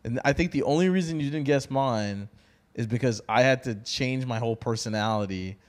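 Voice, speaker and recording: A man hosting a casual podcast chat, excitable, laughing often and swearing. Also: mid-range voice, brisk. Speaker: podcast host.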